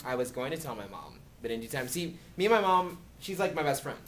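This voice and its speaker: A man answering student questions in casual talk at a university, animated and acting out quoted dialogue from his own stories. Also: on the high side, fast, a little hiss or hum. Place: university lecture room.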